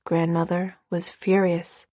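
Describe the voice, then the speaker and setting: A woman narrating an audiobook with steady, even storytelling. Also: fairly low pitch, slow pace, no room sound. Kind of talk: scripted narration.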